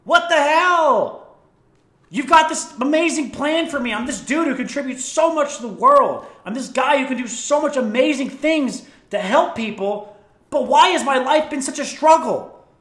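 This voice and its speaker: A man voicing an angry, broke old man who yells his complaints at God. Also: extremely high pitch, lively intonation, normal speed, voice pushed up. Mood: furious. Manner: shouting, exasperated complaints. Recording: echoey room.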